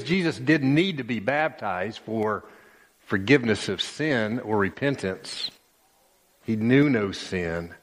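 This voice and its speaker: Male pastor delivering a sermon, unhurried and emphatic, in a church hall with long reverb. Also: on the high side. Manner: slow and emphatic, with many pauses and repeated phrases.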